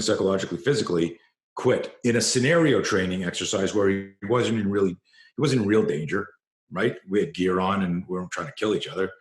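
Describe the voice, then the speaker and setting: A middle-aged man with a very low voice tells a training story in an interview. He is an animated storyteller who climbs in pitch and force when the tale peaks. The sound is roomy, with plenty of echo. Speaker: self-defense trainer.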